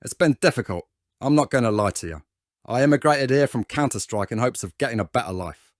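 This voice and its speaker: A proud, self-pitying sniper rifle, played by a man speaks in a measured, haughty tone. The voice is dry and close to the mic. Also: medium pitch, expressive, no echo, lightly acted.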